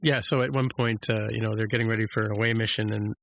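A man co-hosting a podcast, recapping an episode in casual chat with many restarts and jumping to a higher voice to act out lines. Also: steady tone, quick pace, gravelly, a bit bright, a little hiss or hum.

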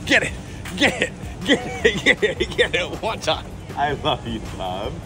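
Male dad vlogger, relaxed pace, lively playful sing-song delivery, background music. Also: fairly high pitch, measured pace, crowd noise. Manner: playful sing-song baby talk, laughs often. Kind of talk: casual family vlog chat. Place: inside a big warehouse store.

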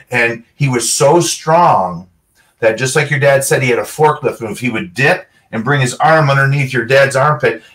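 A middle-aged former pro football player, appearing as an interview guest, tells casual stories and animatedly acts out the quoted dialogue. His voice is medium-pitched and sounds far from the mic.

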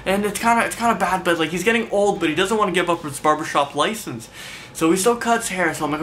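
A man's voice: high-pitched, quick pace, a bit bright, slight background noise. A man vlogging an angry, profane, rambling rant straight to the camera. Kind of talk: ranting storytelling to camera.

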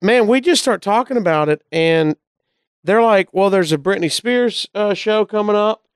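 A man from Alabama with a Southern drawl spins a story in casual talk, slipping in quick voices for the people in it. His voice is very smooth and clear, sitting a little high, and the sound is dry and close. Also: dry recording. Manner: animated anecdotes, acting out the voices of people in the story. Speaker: comedian guest.

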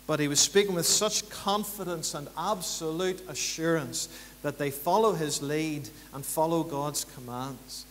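A man preaching a sermon in church, building to emphatic rhythmic repetitions and then dropping low and quiet. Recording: church hall reverb, faint hum.

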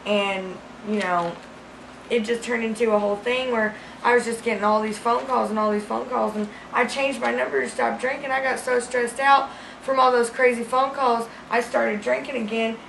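A woman doing a rambling small-town gal, gravelly, crude, deadpan, fairly high voice, echoey room. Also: moderate pace, a little hiss or hum. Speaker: comedy sketch host character. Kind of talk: deadpan comic monologue. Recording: roomy echo.

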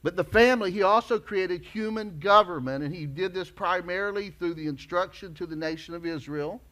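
A male pastor preaching a sermon emphatically, rising to loud declarations and dropping low. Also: fairly quick.

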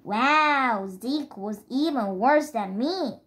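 A woman's voice: fairly high pitch, animated, slow, fairly bright tone. A woman reading the lines of an earnest, polite young boy in a storybook. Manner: polite, pleading, says sir.

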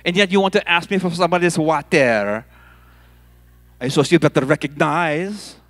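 A man's voice: on the high side, moderate pace, fairly bright tone. A man voicing the Samaritan woman at the well as a sassy woman with a strong put-on Filipino accent. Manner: sassy, challenging, exclaims "ay, sus".

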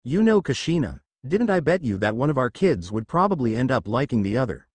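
A man putting on a cheerful, teasing mother for a story reading, playful and lively in a lightly raised voice. The recording is dry and close. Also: mid-range voice, brisk, no room sound.

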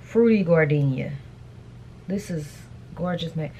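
A middle-aged woman vlogging in a chatty, animated way and talking straight to her viewers. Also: low voice, a little slow, a little hiss or hum. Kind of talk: casual chatty vlog.

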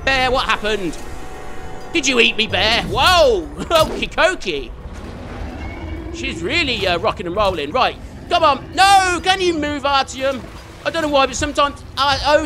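A man giving chatty, excitable let's play commentary, swearing mildly and talking to the game character. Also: very high-pitched. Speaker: gamer.

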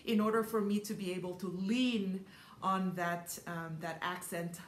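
Speaking at a measured pace in a lowish voice with fairly even intonation, a woman concert pianist gives a masterclass explanation. She is thoughtful, uses many small ums, and sings rhythms aloud now and then. The recording has a roomy echo with the piano playing and slight background noise.

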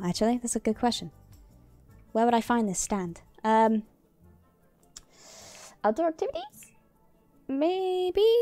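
A woman's voice: a little high, warm tone, no room sound. A woman streamer giving casual gameplay commentary, chatty and muttering to herself with mild swearing. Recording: dry sound with faint music behind.

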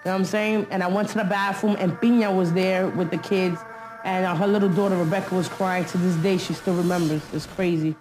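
A woman's voice: fairly low pitch, fairly even intonation, brisk, darkish tone, soft background music. Woman telling a story in street slang. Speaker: interviewee. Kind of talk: candid documentary interview.

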